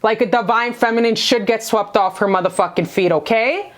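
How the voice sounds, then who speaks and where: A woman's voice: fairly high pitch, a little fast. A woman giving a casual tarot reading to camera, gushing and affectionate, full of profanity and slang. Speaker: tarot reader.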